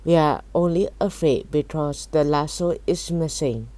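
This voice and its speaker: An earnest young fairy frets aloud in a storybook reading, voiced by a woman. The tone is low and mellow, with an unhurried pace. The sound is dry and close. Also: dry recording. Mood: worried. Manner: earnest, worried.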